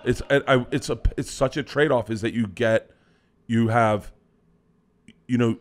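A man in his forties, a comedian guest on a podcast, telling loud, animated stories and swearing freely in casual chat. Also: mid-range voice, a little slow.

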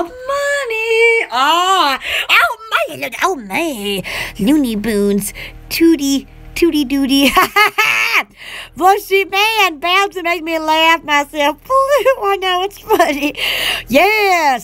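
A woman's voice: high-pitched, very animated, takes it slowly, bright, forceful tone. A woman hosting a casual livestream chat, rambling and giggly with lots of fillers and folksy rural slang. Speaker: channel host and small shop owner.

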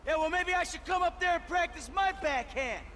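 An actor playing a hot-tempered middle-aged ex-criminal husband who swears and shouts threats. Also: male voice, extremely high pitch, a little fast, a little hiss or hum. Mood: bitter, raging.

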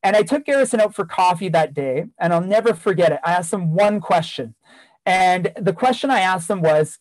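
A former teacher giving a keynote earnestly recounts a story from his teaching years, repeating phrases for emphasis. His voice sits high with lively intonation at a moderate pace. The recording is dry and of poor quality.

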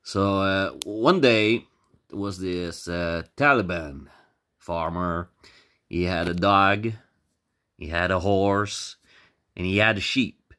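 A man's voice: deep voice, slow, long pauses, fairly bright tone, clear, resonant tone. A man telling a comic story casually, rambling, swearing and repeating words.

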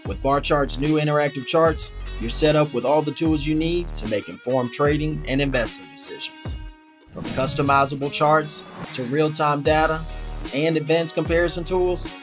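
A man narrating a scripted software tutorial in an upbeat, polished promotional manner. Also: fairly high pitch, normal speed, music in the background.

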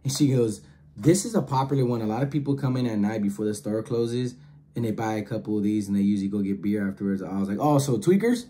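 Slangy man with a mellow voice. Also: on the low side, fast. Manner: slangy, animated, acts out quoted voices. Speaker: storyteller host. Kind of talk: casual storytelling.

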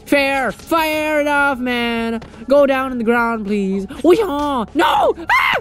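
Excitable young man yelping over gameplay. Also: extremely high pitch, slow, raised voice, faint music behind. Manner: excitable, yelps and laughs often, swears freely. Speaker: gaming channel host. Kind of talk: casual gameplay commentary.

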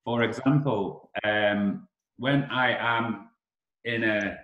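Slow, deliberate British man teaching. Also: on the low side, roomy sound, lo-fi sound. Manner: slow, deliberate, clear for learners. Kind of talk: online lesson for language learners. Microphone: video call.

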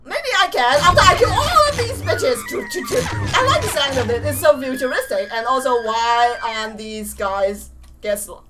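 A woman playing a video game and commenting excitedly, laughing and shouting often. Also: high-pitched, normal speed. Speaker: gamer. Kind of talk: let's play commentary. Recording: distant mic with game music. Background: game music.

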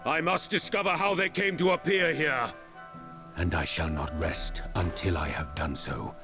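An actor playing a stern, commanding male emperor in a game, speaking in formal, booming orders. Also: unhurried, lightly acted. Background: game music.

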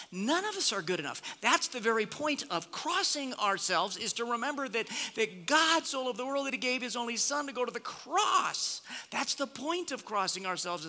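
A pastor from Nebraska preaching a conversational sermon, swinging between lively emphasis and hushed, almost whispered reflection. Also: male voice, high voice. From Nebraska, USA. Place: church sanctuary. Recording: long reverb of a church hall.

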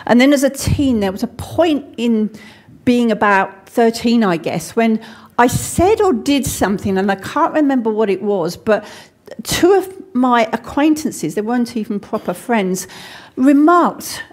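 A woman's voice: a little high, expressive, unhurried. English woman preaching in a chatty, personal way. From England. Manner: conversational and personal, frequent restarts and anecdotes. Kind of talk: sermon. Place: church.

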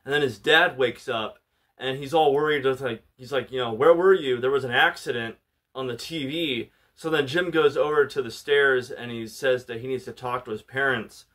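Man, casual plot recap, loose filler-heavy delivery, middle pitch. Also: fairly even intonation, moderate pace, pushed and bright. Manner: loose and chatty, many "like" and "you know" fillers. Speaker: movie reviewer.

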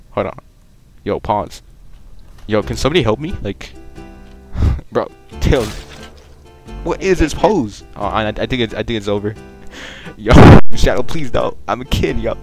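A young man giving casual, profane, joking commentary while playing a game online, rambling and bursting into loud excitement. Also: lowish voice. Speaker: gaming video creator.

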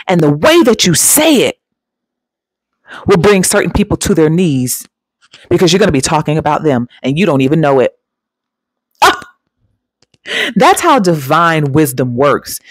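Speaking directly to her audience, the host of a spiritual self-help channel delivers emphatic, preachy motivation and laughs easily between points. Her voice runs on the low side, captured in a dry recording.

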